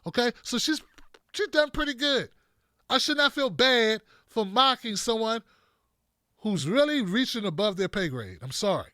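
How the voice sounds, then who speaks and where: Blunt, high-voiced male stream host. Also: lively intonation, normal speed, bright, forceful tone, dry recording, clean studio sound. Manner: blunt, mocking, off-the-cuff. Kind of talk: livestream political commentary.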